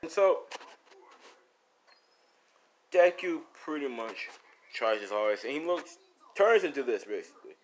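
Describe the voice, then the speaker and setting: A man's voice: medium pitch, sing-song, unhurried, pauses often, a little hiss or hum. A man improvising a fan story in a rambling, casual way, full of fillers and restarts.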